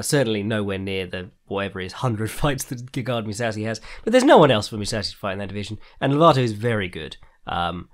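A man hosting a casual fight-sports podcast, rambling and profane, often laughing at his own asides. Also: lowish voice. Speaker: podcast host. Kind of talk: casual MMA commentary podcast.

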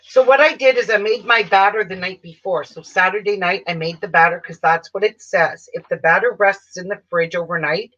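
Hosting a casual live-stream chat from home, a woman who runs a quilting channel rambles along with frequent restarts and trailing thoughts. Her mid-range voice is fairly bright and fairly quick, with hardly any pauses. The lo-fi audio sounds dull, with faint background noise.

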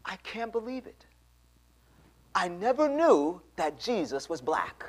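A man preaching, voicing a curious, insistent middle-aged woman with a raised, drawn-out voice. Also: sing-song, heavily acted. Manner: raised pitch, slowed and drawn out.

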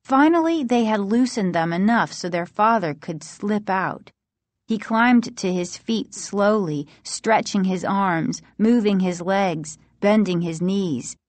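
A woman narrates a spooky children's story at an unhurried, expressive pace. Her voice sits in the middle of the range. The recording is dry and close. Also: medium pitch, no room sound. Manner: slow, expressive reading. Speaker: audiobook reader.

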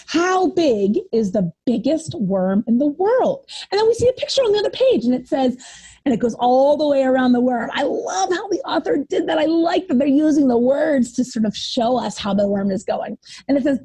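A woman preschool teacher reading a picture book aloud to young children in an animated, sing-song way. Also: high voice, normal speed.

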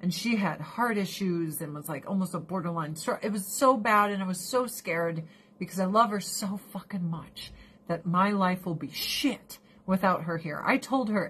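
A woman's voice: mid-range voice, normal speed, fairly bright tone, husky. A woman in her forties ranting casually, profane and exasperated, laughing often. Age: 40s. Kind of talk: casual rant.

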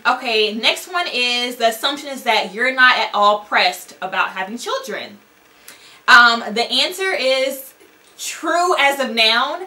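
A woman's voice: on the high side, bright, forceful tone. A young woman vlogger chatting candidly to camera in a casual, rambling way, full of likes and ums.

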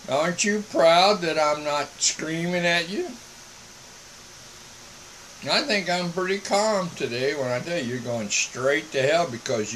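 A man's voice: fairly high pitch, a bit bright, slight background noise, poor audio. A man, a missionary broadcasting a casual monologue from home and checking in with "all right?". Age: 70s. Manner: slow, folksy, repeats "all right?".

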